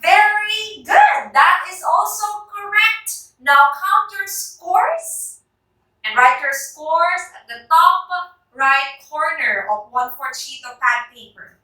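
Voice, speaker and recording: A woman's voice: high voice, lively intonation, slow, bright, forceful tone. A woman with a Filipino English accent teaching a class, calling on students by name and checking that they understand. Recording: very echoey classroom from far off.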